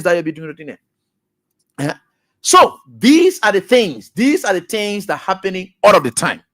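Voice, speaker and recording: A man with a Liberian English accent hosting a radio talk show, delivering an emphatic, repetitive, preacher-like commentary that swings between loud shouts and low mutters.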